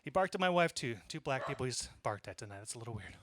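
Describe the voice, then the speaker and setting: A man in his thirties telling a conversational story in a stand-up set, with deadpan asides. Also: medium pitch, fast talker, a crowd in the background. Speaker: stand-up comedian. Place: small comedy club.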